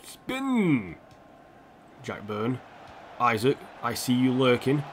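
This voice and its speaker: Sweary gaming streamer. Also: male voice, medium pitch, moderate pace, a little hiss or hum. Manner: rambling, opinionated, swears freely. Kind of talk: casual live-stream game commentary.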